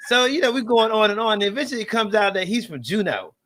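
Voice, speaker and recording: A man from Texas hosting a casual live interview over a video call, chatty and quick to laugh as he tells stories. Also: high-pitched, animated, sharp tone. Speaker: host.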